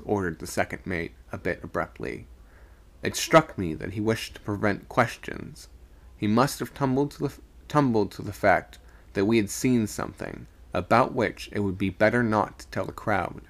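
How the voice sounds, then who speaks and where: Low gravelly guy reading a spooky story on stream, gets loud for the yelling bits. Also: moderate pace. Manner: dramatic reading, raising voice for shouted dialogue.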